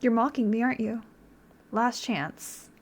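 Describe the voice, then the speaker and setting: A woman voicing a hungry, sinister black cat in a video game, meowing softly and turning quietly menacing. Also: a little high, unhurried.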